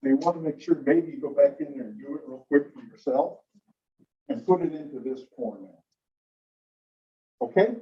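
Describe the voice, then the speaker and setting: A man teaching a classroom lecture on English sounds, relaxed and explanatory, slowing down to demonstrate words. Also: a little high, husky. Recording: dull lo-fi classroom recording.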